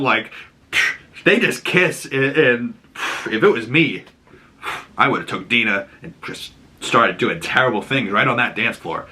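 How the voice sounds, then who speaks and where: A man hosting a casual TV episode breakdown, talking excitedly in a rambling way and cracking crude jokes, with a Boston accent. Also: mid-range voice, unhurried. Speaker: video host.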